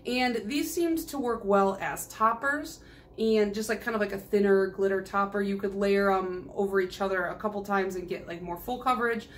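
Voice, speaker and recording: A woman's voice: mid-range voice, moderate pace, slight background noise. A woman nail polish vlogger chatting casually through a haul video, rambling and giggling as she goes.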